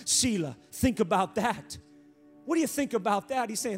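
A man preaching a sermon, emphatic, repeating phrases and rising to near-shouts. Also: high voice, expressive, normal speed, soft background music.

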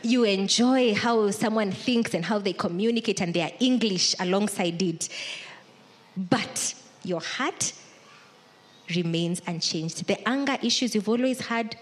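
A woman's voice: medium pitch, a little slow. Woman pastor, conversational sermon delivery, acts out imagined inner voices.

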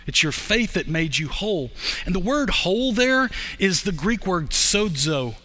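A middle-aged man preaching from the pulpit, his voice pitched high and ringing bright. He tells the story conversationally, racing through some phrases and slowing right down on others for emphasis. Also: sing-song. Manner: conversational storytelling, swings between fast bursts and slow emphasis. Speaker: pastor. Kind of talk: sermon.

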